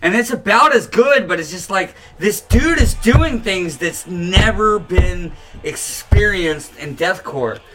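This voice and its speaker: Excitable high-voiced young man. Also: takes it slowly, few pauses, poor audio. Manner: excitable, swearing, emphatic. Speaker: podcast co-host. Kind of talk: casual chat about metal music.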